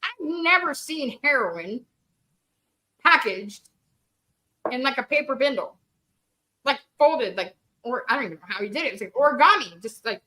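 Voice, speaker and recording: A woman's voice: high-pitched, lively intonation, normal speed, pauses often, sharp tone. A woman telling candid, profane stories in casual chat, laughing and swearing freely. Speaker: guest storyteller.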